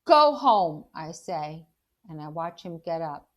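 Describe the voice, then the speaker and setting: A woman, a teacher, reading a children's novel aloud in an animated storytelling way and stopping to ask the listener questions about the story. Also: low-pitched, a little slow.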